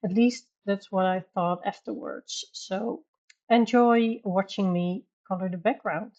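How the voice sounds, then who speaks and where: A woman's voice: medium pitch, lo-fi sound. A woman hosting a coloring video, talking casually and thinking aloud as she works. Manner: relaxed, unhurried, thinking aloud.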